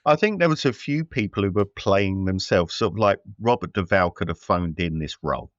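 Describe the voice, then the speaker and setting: A man's voice: low voice, animated, normal speed, no echo, dull audio. A man co-hosting a casual film review chat, rambling with many fillers and restarts. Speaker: podcast co-host.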